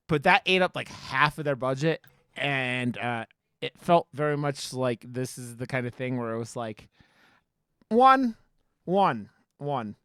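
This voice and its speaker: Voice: mid-range voice, expressive, measured pace, fairly bright tone, clean tone, no echo. Rambling, profane podcast co-host, dry mic. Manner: rambling, profane, lots of likes and restarts. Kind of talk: casual chat.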